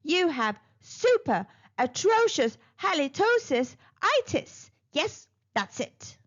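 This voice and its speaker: A woman's voice: sits high, very animated, slow, pitched above the performer's own voice, exaggerated voice. A woman voicing a jumpy male dolphin dentist who stammers and panics, on a dull lo-fi recording. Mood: nervous. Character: jittery male dolphin dentist, easily scared.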